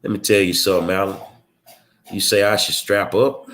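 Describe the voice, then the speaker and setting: A man's voice: low voice, level tone, normal speed, fairly bright tone. A man delivering a blunt, combative monologue full of rhetorical questions, in a streetwise manner. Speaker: political commentary host. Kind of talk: confrontational monologue.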